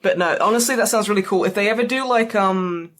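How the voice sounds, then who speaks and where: A woman's voice: medium pitch, slight background noise. Australian woman guest, teasing and jokey, easygoing podcast banter. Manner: playful, teasing, quick to joke. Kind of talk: casual chat.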